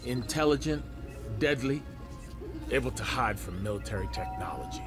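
An actor playing a blunt, gruff male military contractor in a video game, heard over game audio. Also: medium pitch, expressive, normal speed, over music, lightly acted. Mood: scheming.

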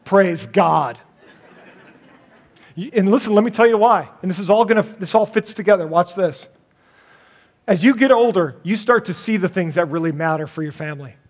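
A middle-aged man preaching a sermon as pastor, animated and jokey, acting out little voices in his stories. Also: high voice, moderate pace, pauses often.

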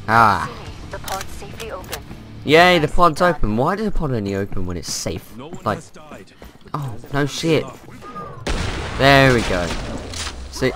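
A young man commenting on a shooter game as he plays, excitable and yelling when things go wrong. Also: medium pitch. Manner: excitable, yelling in panic during fights. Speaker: gaming YouTuber. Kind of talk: gameplay commentary. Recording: gunfire noise behind voice. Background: game gunfire and effects.

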